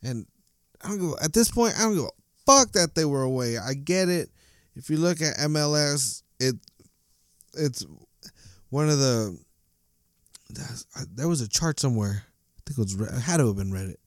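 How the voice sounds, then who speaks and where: A man's voice: mid-range voice, animated, moderate pace, pauses often, no room sound, clean studio sound. Man in a profane, ranting monologue. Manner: angry, profane, stumbling ranting. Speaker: soccer fan commentator.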